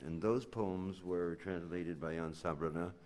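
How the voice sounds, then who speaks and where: An older man, a poet, reading his work live on a theatre stage in an incantatory chant that builds to loud cries, then talking plainly to the audience. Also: low voice, steady tone, measured pace, slight background noise.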